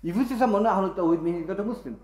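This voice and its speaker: A man's voice: sits high, racing, a little mellow, slight background noise. A man teaching a religious lesson in a mosque and answering students, explaining in short repeated phrases with many fillers. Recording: echoey room.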